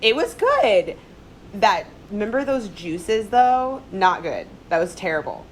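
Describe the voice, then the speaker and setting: A woman guest on a podcast, chatting casually and telling animated stories with quick laughs and acted-out quotes. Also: medium pitch, a little hiss or hum, low-quality recording. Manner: animated storyteller, laughs often, acts out quotes. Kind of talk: casual chat.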